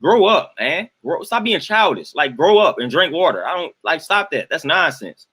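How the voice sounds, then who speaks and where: A young man on a live stream, ranting in an exasperated, emphatic way. His voice sits a little high for a man, and he hammers his points by repeating them. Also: very animated, moderate pace, bright, forceful tone, slightly rough. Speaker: host ranting to live chat.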